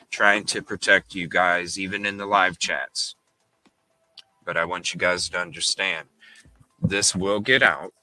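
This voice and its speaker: A man's voice: low voice, sharp tone, dry recording, poor audio. A man hosting a casual live stream, talking earnestly and directly to his viewers. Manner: direct, earnest, addresses the audience with repeated checks. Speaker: host.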